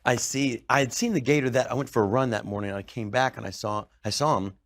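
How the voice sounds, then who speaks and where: A middle-aged man of ordinary pitch talks as a guest on a comedy chat. He rambles through stories, stumbles over restarts and swears casually. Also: steady tone, quick pace, no room sound, studio quality. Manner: rambling storyteller, profane, many restarts.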